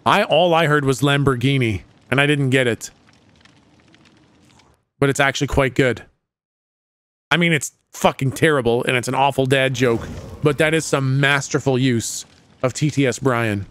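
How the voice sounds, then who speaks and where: A man streaming a game live, chatting casually to his chat, excitable and profane and laughing often. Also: mid-range voice, moderate pace, long pauses, no echo. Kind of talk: casual livestream commentary.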